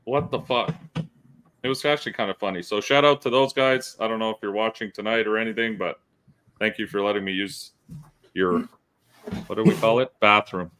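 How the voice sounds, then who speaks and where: Low-voiced man telling profane stories. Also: fairly quick, smooth. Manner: profane, animated storyteller. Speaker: podcast host. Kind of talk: casual storytelling chat.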